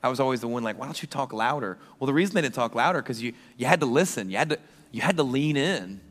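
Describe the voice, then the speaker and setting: Pastor preaching in a reverberant hall. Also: male voice, mid-range voice. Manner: animated storytelling that drops to a hushed, slow delivery. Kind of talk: sermon.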